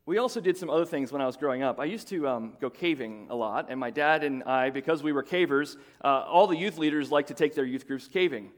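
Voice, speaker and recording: A middle-aged man preaching a sermon as pastor, in a conversational way that often repeats words and builds into excited bursts. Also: mid-range voice, fast, few pauses.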